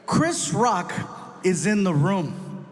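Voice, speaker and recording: High-voiced, animated male stand-up comic. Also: drawn-out words. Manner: animated storytelling with acted-out voices and bursts of shouting. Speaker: stand-up comedian. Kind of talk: stand-up comedy routine. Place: live comedy stage.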